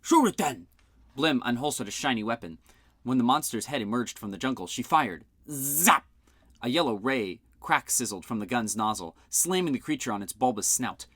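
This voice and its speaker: Expressive male audiobook narrator. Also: moderate pace, no echo, studio quality. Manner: expressive, voices the characters with shouts and big pitch jumps. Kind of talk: fan-made audiobook reading with character voices.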